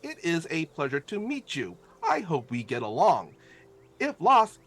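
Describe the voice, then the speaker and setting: A man voicing a small, cheerful slime artificer who reads a note aloud in a high monotone. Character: small slimy male artificer creature, cheerful.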